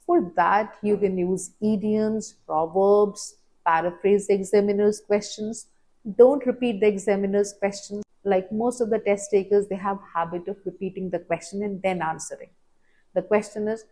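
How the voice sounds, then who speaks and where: A woman's voice: mid-range voice, normal speed, a little mellow, rough recording. A woman from India with an Indian English accent giving a firm, emphatic speaking lesson, listing her points one by one. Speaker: IELTS speaking teacher. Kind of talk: instructional talk to camera.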